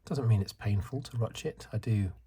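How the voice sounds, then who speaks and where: A man in his fifties from the UK, talking in a soft-spoken ASMR chat, rambling and correcting himself. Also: fairly low pitch, normal speed, breathy edge. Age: 50s. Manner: rambling, self-correcting, chuckles. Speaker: ASMR channel host.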